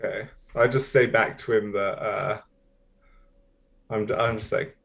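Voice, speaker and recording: A man chats as a player in a tabletop game. He speaks slowly and haltingly, with a gravelly, creaky texture to his voice. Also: lowish voice, fairly even intonation, fairly bright tone. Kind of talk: casual game chat.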